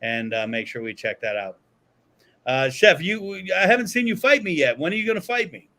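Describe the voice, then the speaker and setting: A man co-hosting a podcast in casual chat, joking and excitable, swearing freely. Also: on the high side, fairly quick. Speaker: podcast co-host. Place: podcast studio.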